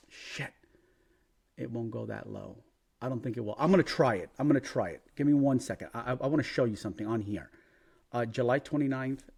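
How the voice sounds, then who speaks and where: A man's voice: medium pitch, vocal fry, husky. A brash, profane man giving casual market commentary as a crypto trading vlogger, thinking aloud while checking charts.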